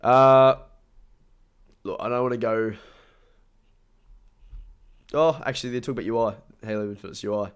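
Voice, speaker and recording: A man's voice: medium pitch, fairly even intonation, moderate pace, long pauses, clean tone. A young Australian man with a stuffy nose, rambling casually on a live stream and thanking his viewers. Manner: rambling, chatty, upbeat, thanks viewers often.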